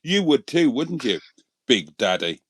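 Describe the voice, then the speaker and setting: A man's voice: medium pitch, sing-song, a little slow, slightly rough, no echo. A man hosting a live stream from a motorhome, bantering and reading out viewer names. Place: inside a motorhome.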